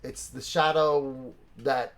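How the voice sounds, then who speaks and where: A young man acts as dungeon master for a live-streamed tabletop game, switching between casual banter and dramatic narration over a streaming microphone. His mid-range voice is fairly bright, with fairly even intonation and a slow pace.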